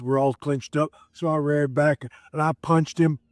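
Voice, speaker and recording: A man's voice: fairly high pitch, fairly even intonation, unhurried, dry recording, clean studio sound. A middle-aged man, a former wrestler, telling stories in a casual, rambling way with lots of fillers and restarts. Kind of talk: casual storytelling.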